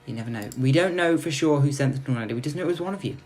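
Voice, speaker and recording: A man's voice: a little high, expressive, rapid-fire, darkish tone, soft background music. A young man giving gameplay commentary as host, sarcastically ranting at his in-game citizens like a petty tyrant. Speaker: let's play host.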